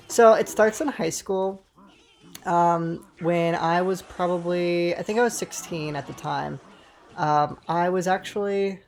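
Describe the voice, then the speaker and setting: A man's voice: a little high, creaky, slight background noise. A man in his twenties telling a rambling, swear-filled story while playing a game, with frequent asides to viewers. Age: 20s. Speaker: gaming storyteller. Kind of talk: casual storytime over gameplay.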